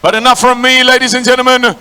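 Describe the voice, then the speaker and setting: A man's voice: little pitch movement, fast talker, bright, forceful tone, clear, resonant tone. A man working as a ring announcer at a boxing stadium, calling out to the crowd and introducing the fighters. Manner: booming, crowd-working, calls out to the audience.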